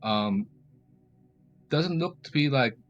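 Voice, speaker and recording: A man with a middle-pitched voice describes his tabletop game character. He speaks casually with lots of ums and likes. Faint music plays underneath. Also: slow pace, dull audio. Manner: relaxed, filler-heavy, hesitant. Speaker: player.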